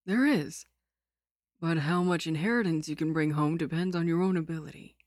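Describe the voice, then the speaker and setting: Brief: woman voicing a weak, resigned young noble, half-whispered and lazy, lowish. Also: normal speed, no room sound, studio quality, natural voice. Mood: calm. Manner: calm, lazy drawl.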